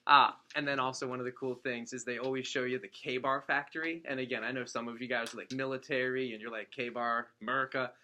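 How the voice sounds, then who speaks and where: The man, a district manager, delivers a motivational talk to his sales team in a meeting room with an audience. He speaks at a medium pitch, a little fast and with few pauses. He's an animated storyteller who acts out quotes and jokes.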